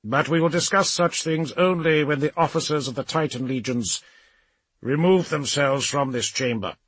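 A man's voice: on the high side, normal speed, a bit bright, husky, no echo, voice pushed up, low-quality recording. A man voicing a hard, unbowed elder male regent in an audiobook, firm and commanding.

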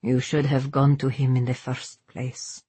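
A woman's voice: a bass voice, level tone, mellow, husky, no echo, voice pushed down, heavily acted. A woman doing a stern, stoic male guardian. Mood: stern, grave. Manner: grave, measured, unbending.

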